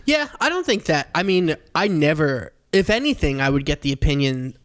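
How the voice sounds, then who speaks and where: A young man co-hosting a comedy podcast, talking in an animated, self-mocking way and swearing freely. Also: fairly high pitch, moderate pace. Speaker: podcast co-host. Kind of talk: casual comedic chat.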